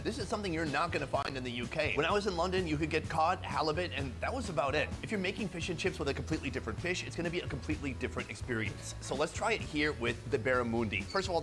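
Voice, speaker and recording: Upbeat man reviewing food over music. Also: on the high side. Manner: enthusiastic, punchy delivery with comic asides. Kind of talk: energetic food review narration. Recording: background music under voice.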